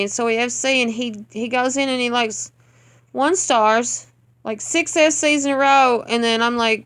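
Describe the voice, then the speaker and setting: A woman's voice: a little high, measured pace, fairly bright tone, smooth. A woman talks through game replays in a casual, unscripted way. She is blunt and exasperated and rants openly. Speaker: clan leader reviewing game attacks. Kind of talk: casual gameplay commentary.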